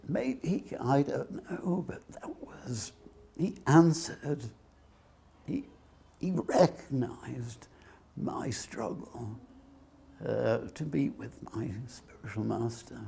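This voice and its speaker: A man who is a devotee, recalling a memory in an interview in a soft, halting and reverent way. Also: medium pitch, vocal fry, slightly rough. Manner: soft, halting, reverent, often near a whisper. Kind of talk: personal reminiscence in an interview.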